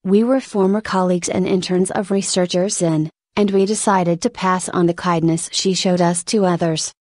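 A woman voicing a composed senior male reviewer who speaks formally and in measured terms, in a spoken story reading. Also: fairly low pitch, fairly even intonation, darkish tone, dry recording, clean studio sound, lightly acted.

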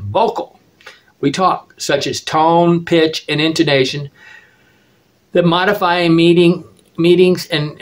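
A man from the United States talking in a casual monologue as a travel vlogger. He is opinionated and rambling, restarts often and keeps checking in with "okay?". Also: a little high.

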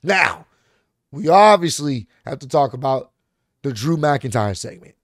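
A man's voice: medium pitch, unhurried, no room sound. Slangy man recapping wrestling, dry sound. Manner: animated, slangy retelling with acted-out quotes. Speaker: wrestling recap channel host.

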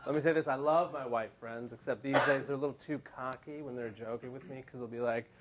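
A man in his thirties doing a stand-up comedy set on a TV studio stage, deadpan and self-mocking. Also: medium pitch, brisk, background noise. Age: 30s. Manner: deadpan, self-mocking punchlines with put-on quoted voices.

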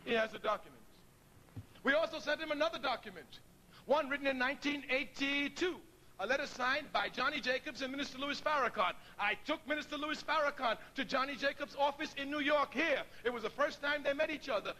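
A middle-aged man speaks to an audience in an unusually high, piercing register. His tone is bright and sharp, and he tells his story with frequent laughter. A faint hiss of room ambience sits behind him. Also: fairly quick, low-quality recording. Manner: storytelling, laughs often, acts out quoted dialogue. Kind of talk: public speech.

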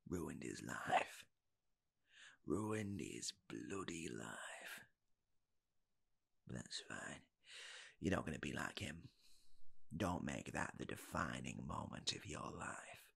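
A man voicing a weary old man who solemnly warns a young bowler, in whispered role-play. He talks slowly and sounds world-weary as he lectures. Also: a bass voice, expressive, creaky, pushed and bright, husky, voice pushed down, exaggerated voice.

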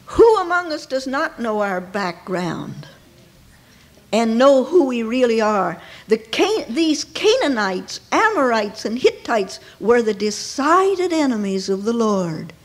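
High, swooping woman preaching slowly. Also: very animated. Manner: dramatic, swinging from hushed near-whispers to ringing cries. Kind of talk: emotional sermon. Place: church.

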